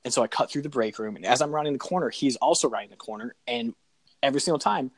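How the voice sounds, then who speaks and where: A man's voice: medium pitch, quick pace, no echo. A young man co-hosting a casual podcast, rambling with lots of hesitant fillers. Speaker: podcast co-host.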